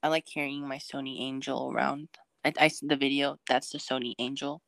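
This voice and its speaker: A young adult co-host joins a casual podcast chat, relaxed and joking in slangy speech. The voice sits at a middle pitch. It is recorded dry and close, with little room sound. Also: brisk, creaky, no room sound. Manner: laid-back, joking, uses slang like "banger".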